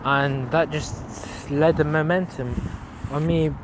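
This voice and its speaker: A man's voice: a little high, slow pace. A young man in his late teens hosting a solo motivational podcast from home at night, talking in an earnest, rambling and encouraging way. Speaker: podcast host. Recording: steady background noise.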